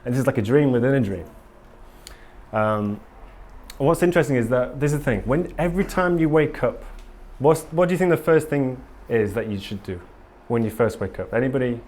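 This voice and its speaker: Speaking at a fairly quick clip, this conference speaker has a medium-pitched voice with a somewhat dark tone. His casual talk to a live audience in a conference room is earnest yet rambling, full of ums and false starts.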